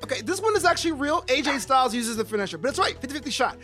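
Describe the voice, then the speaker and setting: A man's voice: extremely high pitch, lively intonation, rapid-fire, pushed and bright, soft background music. A man co-hosting a podcast and running a quiz in a teasing, laughing way. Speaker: podcast co-host, quizmaster. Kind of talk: casual podcast chat.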